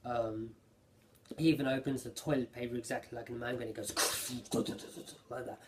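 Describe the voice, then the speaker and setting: A man chatting through an episode recap in a loose, rambling way. He gets excitable and piles on "um" and "like" as he goes. His voice sits at an ordinary middle pitch. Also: fast talker, slight background noise. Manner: rambling, filler-heavy, excitable. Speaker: anime reviewer.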